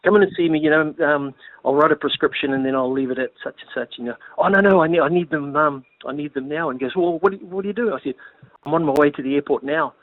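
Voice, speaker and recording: Fast-talking Kiwi man spinning yarns. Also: on the high side, dry recording, phone-quality sound. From New Zealand. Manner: chatty, laughs while telling anecdotes. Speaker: former rugby player, guest. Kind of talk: casual storytelling.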